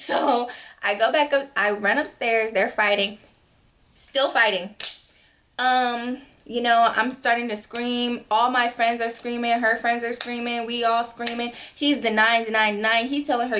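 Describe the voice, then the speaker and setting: A woman in her twenties telling a storytime vlog, animated and acting out quotes with sudden jumps in pitch. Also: measured pace. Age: 20s. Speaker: vlogger. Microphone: camera mic.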